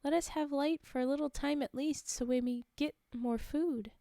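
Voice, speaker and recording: A woman's voice: high-pitched, steady tone, moderate pace, dark tone, no room sound, clean studio sound. A woman reading the lines of starving villagers begging for light in a folktale, in her own voice. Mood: pleading. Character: starving, pleading villagers in the dark.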